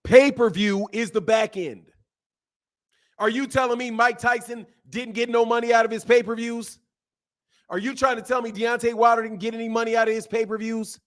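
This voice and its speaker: High-voiced man ranting about boxing. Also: normal speed. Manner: animated, repetitive, rhetorical questions. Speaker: boxing commentator. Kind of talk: casual commentary rant.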